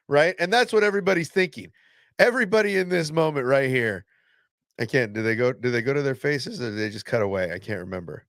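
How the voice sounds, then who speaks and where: Excitable, blunt man reacting to a show. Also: mid-range voice, quick pace, creaky, dry recording, clean studio sound. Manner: excitable and blunt, swears, restarts often. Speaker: fan reaction host. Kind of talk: casual reaction commentary.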